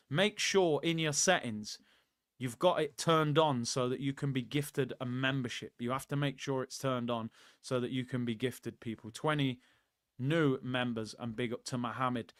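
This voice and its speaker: A young man hosting a football watchalong livestream, reading out viewer comments and giving shout-outs in animated, slangy banter. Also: fairly high pitch, clean tone, no room sound, studio quality. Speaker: livestream host.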